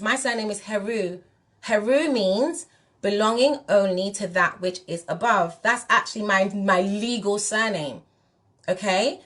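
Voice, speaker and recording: A woman's voice: mid-range voice, fairly bright tone. Woman, spiritual teacher, candid vlog monologue, direct and emphatic. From England. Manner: direct, emphatic, addresses viewers as "you lot".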